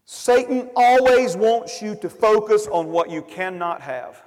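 A man preaching a sermon as pastor, with loud, emphatic bursts that drop to quiet, quick asides. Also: high voice, expressive. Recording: long hall reverb.

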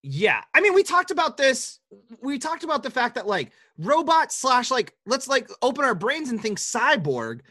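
A man's voice: very high voice, huge pitch swings, normal speed, sharp tone, dry recording, studio quality. A young man from the American Midwest, co-hosting a podcast in casual, teasing banter full of swearing. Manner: joking, profane, teasing. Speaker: podcast co-host.

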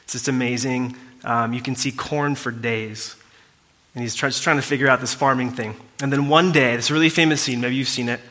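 In a reverberant church hall, a pastor tells his congregation a story in a casual, conversational style, with fillers and asides to the listeners. His medium-pitched voice is steady, brisk, and sharp.

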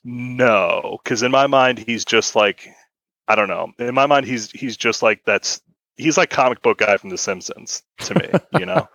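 A man's voice: mid-range voice, animated, measured pace, fairly bright tone, dry recording, muffled recording. A man in a casual podcast chat, telling an anecdote in a laid-back, storytelling way. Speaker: podcast co-host.

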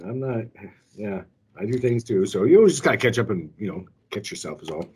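A man's voice: on the low side, expressive, a little fast, darkish tone, husky. A man co-hosting a casual show, telling a rambling personal story with lots of ums and restarts. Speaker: co-host. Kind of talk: casual call-in show chat.

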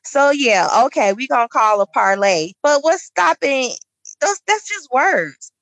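A woman co-hosting a casual chat show, talking in an animated, profane way and laughing often. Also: sits high, measured pace, no room sound, low-quality recording. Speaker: podcast co-host.

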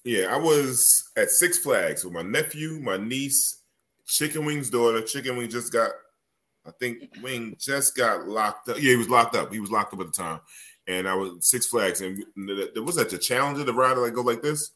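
A man's voice: medium pitch, moderate pace, sharp tone. A man, co-hosting a podcast and telling a story with lots of profanity and acted-out quotes. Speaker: podcast co-host. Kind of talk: casual storytelling chat.

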